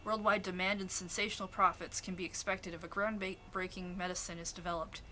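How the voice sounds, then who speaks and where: A woman streamer reading a visual novel aloud, steady narration with asides. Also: lowish voice, fairly quick, a little hiss or hum. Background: game music.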